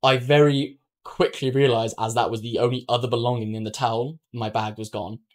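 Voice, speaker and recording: A man's voice: mid-range voice, steady tone, fairly quick. A young man from London, a podcast co-host, telling a travel mishap story in casual chat and acting out the dialogue. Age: young adult.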